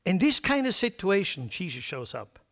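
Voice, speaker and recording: With a high-sitting, sing-song voice at normal speed, a man preaches emphatically. His delivery swings between loud and quiet, and he is blunt and derisive toward foolish thinking.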